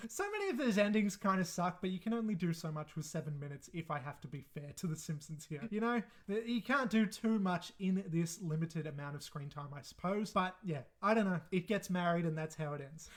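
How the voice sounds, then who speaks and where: High-voiced man, rambling review. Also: lively intonation, brisk. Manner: rambling, self-deprecating, swears freely. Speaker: reviewer ranking episodes. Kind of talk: casual commentary.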